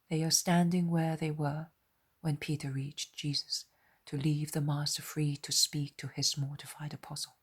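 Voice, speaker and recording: A woman reader narrating a devotional audiobook in a soft, measured unvoiced whisper. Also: low-pitched, flat delivery, slightly rough.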